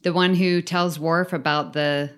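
A woman co-hosting a podcast, chatting in an animated, lively way. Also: lowish voice, a little slow, clean tone. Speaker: podcast co-host. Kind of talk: casual podcast chat.

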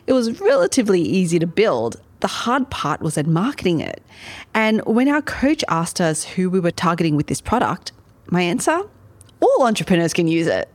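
A woman's voice: lowish voice, a little mellow. A woman hosting a podcast, talking playfully and directly to the listener between clips. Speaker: podcast host. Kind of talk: scripted commentary.

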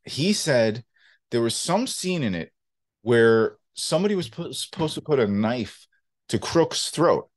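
A man's voice: medium pitch, measured pace. A young man co-hosting a podcast, telling stories in casual chat and swearing now and then. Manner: animated storyteller, swearing casually. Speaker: podcast co-host.

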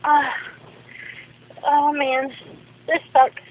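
A woman's voice: high-pitched, flat delivery, drawn-out words. Tearful woman on a noisy phone line. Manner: distressed, apologetic, short replies. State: in pain, shaken and tearful. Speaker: 911 caller after a car crash. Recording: tinny phone call with noise.

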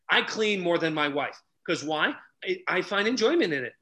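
Man, high bright voice, very lively pitch, loud animated storyteller, relationship coach on a podcast. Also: fairly quick. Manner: animated, loud, acts out dialogue. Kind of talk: energetic storytelling in casual chat.

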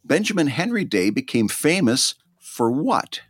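A man on a podcast with a lively, bouncing pitch who laughs often. He pitches his ideas with some stammering. The sound is close and dry. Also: unhurried, slightly rough, dry recording. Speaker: podcast co-host. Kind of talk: casual chat, hosting a quiz.

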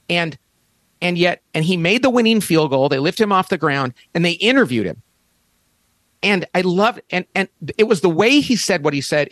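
Man in his fifties, guest, lively swooping voice, slightly high, dry close sound. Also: no room sound. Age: 50s. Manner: animated, acts out quotes with big pitch jumps. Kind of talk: storytelling in a conversation.

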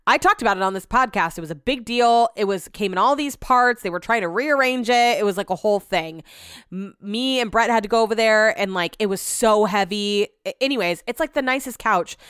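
A young adult woman hosts a podcast, telling rambling, self-deprecating stories full of asides in a casual chat. Her mid-range voice is fairly bright, clear and resonant, with studio-quality sound and no echo.

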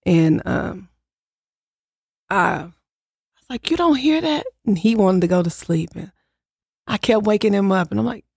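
Middle-aged mom guest, gravelly voice, tells stories and jumps up high for quotes, dry close mic. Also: female voice, a little slow, pauses often, no echo. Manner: animated storyteller acting out quotes in higher voices. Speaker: interview guest, mother. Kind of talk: casual storytelling.

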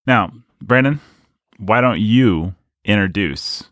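A man's voice: fairly low pitch, expressive, slow pace, a bit bright, no room sound, studio quality. A man hosting a casual book podcast, playful and rambling in his jokes, tired from a sleepless night. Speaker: podcast host.

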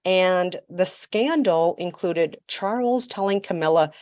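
A woman's voice: lowish voice, slow pace, darkish tone, no room sound, dull audio. A woman telling a story as a podcast guest, emphatic and sassy, with mocking asides. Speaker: podcast guest, royal commentator. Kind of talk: storytelling chat.

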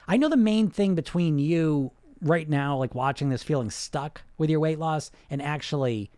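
A man coaching weight loss in a casual talk straight to his viewers, quick and animated, full of fillers and restarts. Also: medium pitch, dry recording. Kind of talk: casual direct-to-camera talk.

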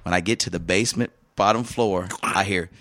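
A middle-aged man, a podcast host, telling a story in casual chat, animated, often laughing and acting out what people said. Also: low-pitched, a little fast, a little hiss or hum.

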